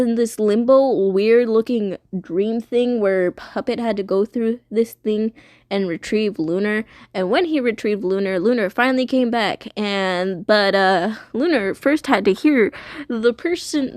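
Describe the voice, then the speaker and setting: A woman's voice: fairly high pitch, a little slow, darkish tone, no room sound, studio quality. A woman streamer casually retelling a story, rambling and swearing with lots of fillers.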